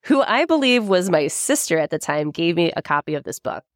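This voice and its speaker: A woman's voice: fairly low pitch, big pitch swings, fairly quick, no room sound, clean studio sound. A woman co-hosting a podcast, telling a story in a casual chat, laughing often and swearing freely. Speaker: podcast co-host.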